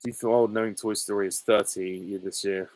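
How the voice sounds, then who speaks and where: A man in his twenties answering viewer questions in a casual live Q&A, easygoing and hesitant with frequent ums and soft laughs. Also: fairly low pitch, fairly even intonation, brisk, no echo, low-quality recording. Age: 20s. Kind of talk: casual live Q&A reading chat comments.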